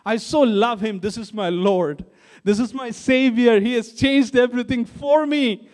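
A man's voice: extremely high pitch, a little slow, darkish tone. A man voicing a tearful devoted woman. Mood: fervent devotion. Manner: fervent first-person retelling, repeating phrases. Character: weeping repentant woman, overwhelmed with devotion. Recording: long hall reverb.

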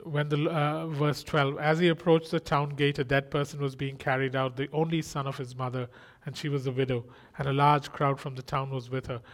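A man preaching a sermon in an earnest style, asking rhetorical questions and exclaiming. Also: mid-range voice.

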